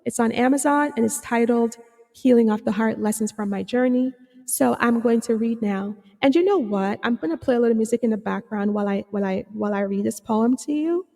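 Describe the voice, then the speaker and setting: A woman hosting her own podcast as a psychotherapist, talking earnestly with many fillers and restarts, a little hoarse. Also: on the high side, brisk, a little mellow, big-room sound. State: slightly hoarse, clearing her throat. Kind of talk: reflective solo podcast talk.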